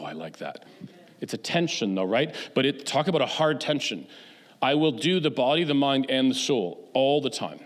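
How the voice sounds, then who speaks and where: A man giving a guest talk at a church, telling stories in a casual, conversational way. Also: mid-range voice. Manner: conversational, anecdotal, quick asides. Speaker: guest speaker. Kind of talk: church talk on mental health. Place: church sanctuary. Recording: long church hall reverb.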